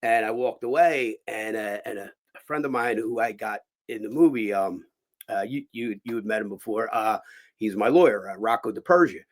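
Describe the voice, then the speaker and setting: A man from Philadelphia telling a long story in casual chat, acting out the people he quotes in loud, lively impressions. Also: lowish voice, normal speed. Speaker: host.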